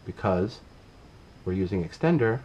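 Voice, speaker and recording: A middle-aged man giving a casual painting demonstration, relaxed and talking while he works, often trailing off mid-sentence. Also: low voice, unhurried, highs cut off, a little hiss or hum. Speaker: painting instructor.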